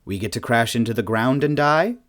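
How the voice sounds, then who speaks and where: A man's voice: medium pitch, lively intonation, brisk, a bit bright, lightly acted. A man voicing an irritable male alien pilot who growls and delivers grim news in a gloomy, bewildered way.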